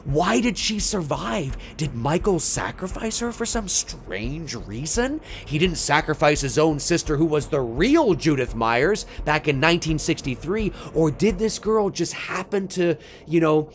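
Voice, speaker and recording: Man, casual walk-through, rambling, high-pitched, faint hiss behind. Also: very animated, measured pace, few pauses. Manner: rambling, many restarts and "right?" tags. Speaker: fan pitching a film sequel idea.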